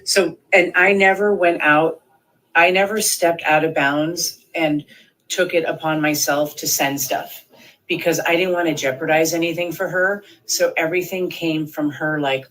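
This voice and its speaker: Her voice is deep, fairly bright and fairly even in intonation, a little slow, and the audio is poor. This woman in her thirties gives a rambling interview account full of fillers, acting out quoted speech.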